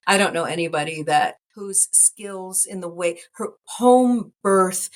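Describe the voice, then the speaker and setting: American woman in her sixties, chatty. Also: on the low side. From United States. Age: 60s. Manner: warm, rambling, laughs often. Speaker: midwife guest. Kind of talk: casual interview.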